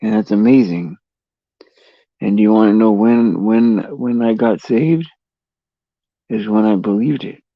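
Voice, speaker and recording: A man talks slowly and haltingly on his own faith stream, with a low, mellow voice. His words often stop and start over. The sound is dry and dull, like a cheap mic. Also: creaky, no room sound. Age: adult father of a son over eight. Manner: halting, repeats words, many fillers. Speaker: livestream host. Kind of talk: casual faith livestream chat and prayer.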